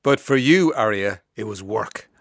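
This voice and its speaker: A man's voice: lowish voice, expressive, measured pace, no room sound, studio quality. A man hosting a radio interview. He is jovial and teasing, and he often repeats his phrases. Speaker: radio host.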